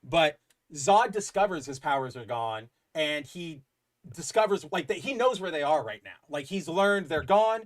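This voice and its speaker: A man co-hosting a podcast, excitedly retelling a story in a rambling, casual way full of fillers. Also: a little high, moderate pace. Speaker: podcast co-host. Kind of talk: casual comic book chat.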